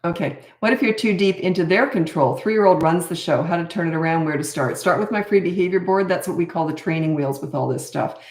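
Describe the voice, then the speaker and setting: A woman in her fifties, answering parenting questions on a live stream in a calm, plain-spoken way. Her voice sits low. The room around her sounds echoey. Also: a little fast, hardly any pauses. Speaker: parenting coach.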